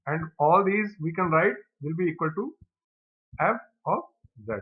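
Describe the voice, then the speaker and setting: A man's voice: on the high side, unhurried, husky. Man explaining math on a tinny mic. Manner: steady, methodical step-by-step explaining. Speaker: teacher. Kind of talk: exam problem lecture.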